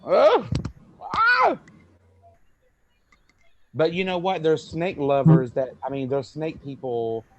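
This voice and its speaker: A man co-hosting a casual group chat, animated, often laughing and stumbling over his words. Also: mid-range voice, moderate pace, few pauses, a little hiss or hum, rough recording.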